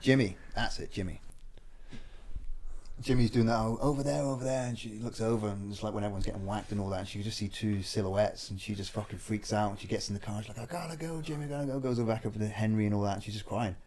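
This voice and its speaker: A man's voice: fairly low pitch, flat delivery, quick pace, darkish tone, a little hiss or hum. A man hosting a podcast, telling an anecdote in casual slang and swearing freely. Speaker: podcast host. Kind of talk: casual chat, storytelling.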